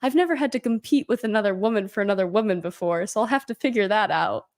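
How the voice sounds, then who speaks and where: A young woman chats through a reality show recap in an animated, easygoing way, reacting to the live chat as she goes. Her voice is of an ordinary pitch. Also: fast talker. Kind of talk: casual chat.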